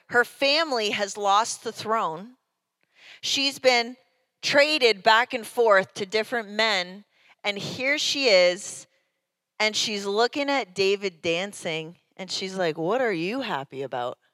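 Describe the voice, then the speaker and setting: A woman pastor delivering a sermon, telling the story in a conversational, animated way. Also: mid-range voice, slow, dry recording.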